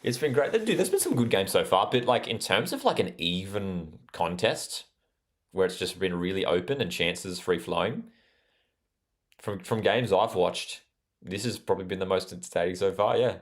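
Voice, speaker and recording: A man's voice: deep voice, expressive, normal speed. A young Australian man hosting a live football watchalong, chatting casually and reading out viewer comments with plenty of fillers. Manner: chatty, reads out live chat, frequent fillers. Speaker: watchalong host.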